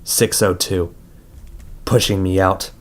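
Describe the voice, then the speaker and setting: A man reading a first-person audiobook in a measured, somber way. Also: low voice, little pitch movement. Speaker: audiobook reader.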